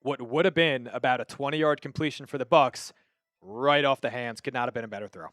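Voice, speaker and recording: A man's voice: mid-range voice, brisk, fairly bright tone, dry recording, clean studio sound, faint music behind. A man from Long Island hosting a live football watch-party stream, calling plays and chatting casually with viewers. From Long Island, New York. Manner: casual, chatty, reads viewer messages aloud. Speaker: livestream host. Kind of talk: live game watch-party commentary with chat.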